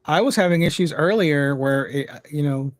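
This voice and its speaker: A man's voice: on the high side, brisk, no echo, rough recording. A man hosting a casual livestream chat over a video call, easygoing and thanking viewers by name.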